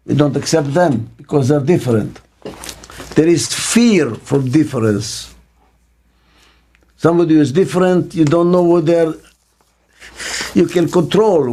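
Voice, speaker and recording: An older man giving an interview as a business consultant, speaking slowly and emphatically and repeating key words for stress. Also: on the high side, warm tone. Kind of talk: reflective interview monologue. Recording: faint music underneath.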